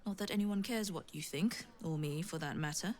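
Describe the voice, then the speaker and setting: A woman's voice: lowish voice, brisk, darkish tone, close to an everyday voice. An actress voicing a sardonic noblewoman with a dry, scornful delivery in a fantasy game.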